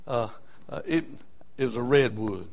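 A man, telling a story in a sermon in a folksy, animated way, with bursts of whooping. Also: medium pitch, a little slow, highs cut off. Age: 60s.

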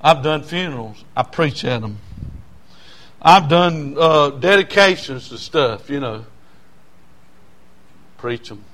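A male preacher delivers a storytelling sermon. His voice sits high for a man, and his folksy, repetitive delivery grows loud when he is stirred. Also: animated, measured pace.

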